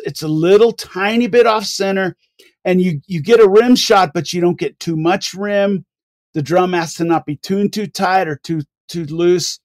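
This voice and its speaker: A man's voice: high voice, no room sound, clean studio sound. Older man telling a rambling story. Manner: animated rambling storyteller with many restarts. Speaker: podcast guest, drummer. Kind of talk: casual interview storytelling.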